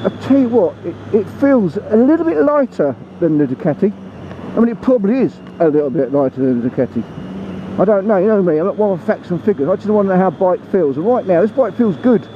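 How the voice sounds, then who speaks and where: A man with a fairly high voice gives an excitable, swear-happy ride-along motorcycle review. He talks into a helmet mic while riding outdoors. The sound is muffled, and engine and road noise are clearly heard underneath. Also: fast talker. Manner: chatty, excitable, swears freely. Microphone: helmet-mounted mic.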